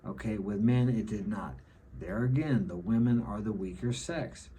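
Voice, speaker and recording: A man's voice: lowish voice, moderate pace, dark tone, a little hiss or hum. A middle-aged man giving an opinionated monologue to camera, lecturing and often ending his points with a checking "okay?". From United States. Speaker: self-help vlogger.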